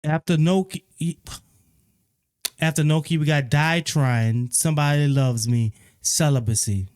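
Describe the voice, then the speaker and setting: A man giving a casual, opinionated spoken album review, often repeating himself and growing animated when he criticizes. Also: fairly high pitch, unhurried, clean tone. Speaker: music reviewer.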